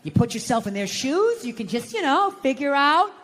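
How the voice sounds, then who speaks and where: A man's voice: extremely high pitch, moderate pace. A man performing stand-up comedy on a large theater stage, telling stories and acting out his own inner voice. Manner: animated storytelling, acts out his own inner voice. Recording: live theater reverb, faint audience.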